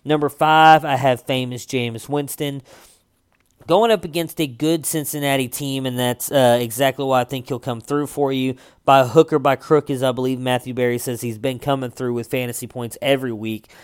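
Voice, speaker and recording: Smooth-voiced man giving casual sports rankings. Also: mid-range voice, normal speed, no room sound, studio quality. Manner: relaxed, conversational, frequent uh fillers. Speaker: fantasy football analyst.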